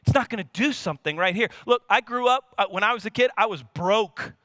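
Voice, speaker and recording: A man in his thirties, from Louisiana and with a Louisiana accent, preaching an animated sermon. He repeats his points and throws rhetorical questions at the congregation. His voice sits high and bright, and it is recorded dry and close. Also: fairly quick, dry recording. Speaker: pastor.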